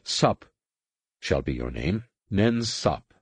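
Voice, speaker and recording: A man voicing a mad, crippled alien master who swings between cold calm and shrill rage, in a husky, pitched-up voice. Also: takes it slowly, no echo, full character voice. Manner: erratic, imperious, shifting between calm and screeching.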